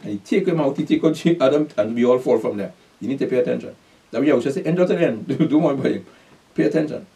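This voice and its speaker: A man's voice: medium pitch, fast talker, vocal fry, mellow, distant mic. A man preaching a bible class, reading scripture aloud and explaining it with emphatic questions and repeated calls to pay attention. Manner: reads scripture aloud then explains it in call-and-response questions.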